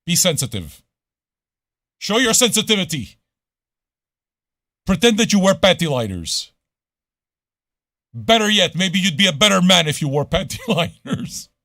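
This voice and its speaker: A man hosting a live radio show, ranting casually and swearing a lot, swinging between loud outbursts and low muttering. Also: big pitch swings, measured pace, pauses often, no room sound, clean studio sound.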